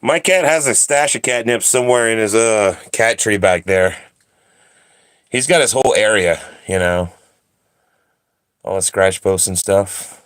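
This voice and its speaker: A man's voice: lowish voice, measured pace, pauses often, a bit bright, no room sound. A man, chatting on a live stream and talking to his cats in a playful sing-song. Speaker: streamer hosting a claw-machine game. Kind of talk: casual live-stream chat.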